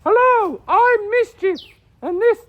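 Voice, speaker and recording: A man voicing a small excitable dog who introduces a weather update. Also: very high-pitched, slow, phone-quality sound, voice pushed up, full character voice. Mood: excited.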